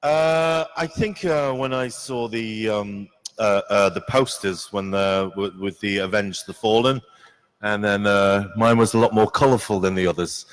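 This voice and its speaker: A man answering as a panel guest, halting with many fillers and dry jokes. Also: fairly low pitch. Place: large arena convention stage.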